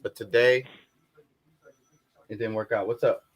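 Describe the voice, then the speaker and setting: A man's voice: fairly low pitch, flat delivery, a little slow, husky. A young man hosting a casual livestream chat, rambling, swearing and flustered. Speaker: show host.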